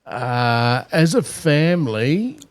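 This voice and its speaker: A man's voice: mid-range voice, very animated, slow. A middle-aged Australian man, a podcast co-host, telling travel stories bluntly with constant swearing in casual chat. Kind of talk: casual pub-style chat.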